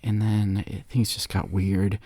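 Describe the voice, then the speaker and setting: A man's voice: fairly low pitch, unhurried, dry recording, studio quality. A young man co-hosting a podcast, retelling a movie in a slangy, jokey way. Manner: slangy, jokey, animated storytelling. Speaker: podcast co-host.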